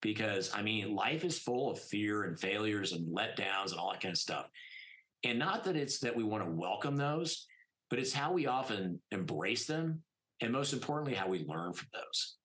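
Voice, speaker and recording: Podcast guest: middle-aged man, low voice, very lively pitch, casual storytelling, emphatic. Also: rough recording. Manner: animated, emphatic, many "I mean" fillers. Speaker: podcast guest, plastic surgeon.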